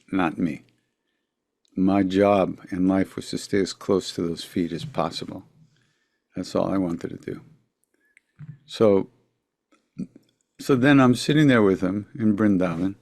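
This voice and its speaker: An older man, telling a story as a podcast guest, reflective, with quiet asides trailing off. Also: low-pitched, measured pace, pauses often, no echo, studio quality. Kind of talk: storytelling in a conversation.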